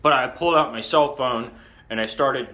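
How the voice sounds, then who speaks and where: A man's voice: medium pitch, normal speed, bright, forceful tone. A man telling a long comic story in character, rambling and indignant, with many fillers and a lot of swearing. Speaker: comedian in character.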